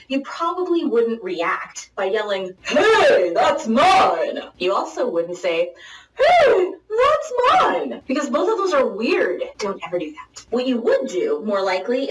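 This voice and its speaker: A woman teaching singing in an online lesson, joking and direct, demonstrating calls and shouts. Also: a little high, echoey room, recorded from a distance, poor audio. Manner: playful, jokey and direct, with sung and shouted demonstrations.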